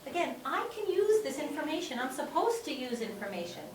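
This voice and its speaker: A teacher with a fairly high voice lectures her class a little fast, with big pitch swings, repeating her key points and checking in with "okay?" again and again. She's recorded from a distance in an echoey classroom with crowd noise and faint background noise.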